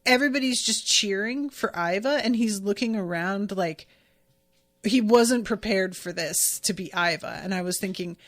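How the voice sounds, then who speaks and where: A woman's voice: mid-range voice, normal speed, fairly bright tone. A woman hosting a podcast and casually recapping an episode, gushing and swearing freely. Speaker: podcast host.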